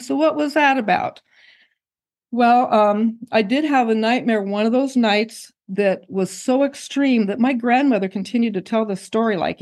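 Older woman, slightly high voice, interview guest, reflective, unhurried recollection. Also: a little mellow.

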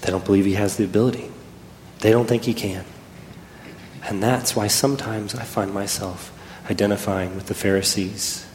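A man preaching a sermon, telling a personal story and swinging between loud and hushed delivery. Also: lowish voice, fairly even intonation, moderate pace, slight background noise. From Texas. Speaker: pastor. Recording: echoey hall with faint ambience.

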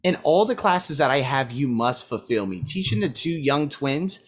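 A man's voice: mid-range voice, big pitch swings, normal speed, breathy edge. A man who teaches, talking through a casual weekly self-review, rambling and blunt, swearing freely as he scores himself aloud.

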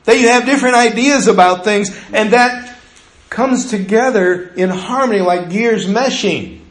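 A male pastor delivers a sermon in a conversational way, his voice fairly high for a man. He slows down and quiets his voice to drive points home, and the recording echoes like a roomy church.

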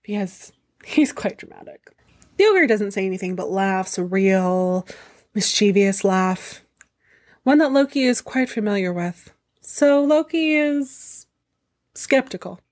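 A woman's voice: mid-range voice, measured pace. A woman host telling a myth comedically, with profane, wry asides. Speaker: storyteller host. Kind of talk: comedic mythology storytelling.

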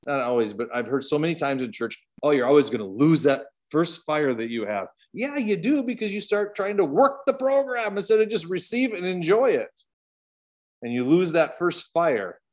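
Canadian male Bible study leader, fairly high voice, chatty teaching with rhetorical questions. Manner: conversational, rhetorical questions, side tangents.

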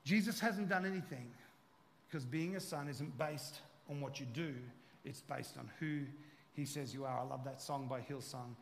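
High-voiced preacher man in a reverberant hall. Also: normal speed, gravelly, slight background noise. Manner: humorous, conversational preaching that builds to loud emphatic peaks. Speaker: pastor. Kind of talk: sermon.

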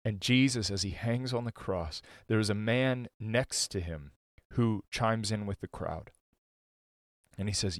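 A man preaching a sermon, earnest and searching, restarting phrases and going hushed as he quotes scripture. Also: on the low side, measured pace, no room sound, studio quality. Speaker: pastor.

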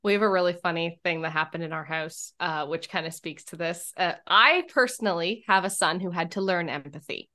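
A woman's voice: lowish voice, brisk, few pauses, bright, forceful tone. A young adult woman hosting a podcast, telling a family story in a chatty way and laughing often. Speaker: podcast host. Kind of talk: casual podcast chat.

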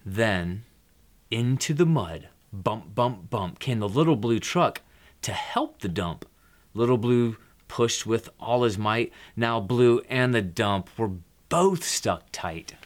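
A man hosting, reading a children's picture book aloud, relaxed, dropping his voice for quiet asides between lines. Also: on the low side, takes it slowly.

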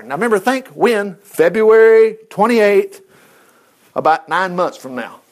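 Man, Bible teacher, animated lesson, chuckling asides, high voice, lively swoops. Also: unhurried.

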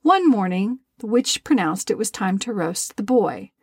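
A woman narrating a fairy tale in a measured, gentle storytelling manner. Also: mid-range voice, very animated, slightly rough, dry recording, clean studio sound.

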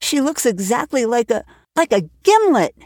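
A woman's voice: fairly high pitch, very animated, normal speed, darkish tone, no echo, clean studio sound, pitched above the performer's own voice. A woman voicing an eager, imaginative orphan girl of about eleven who talks breathlessly and passionately.

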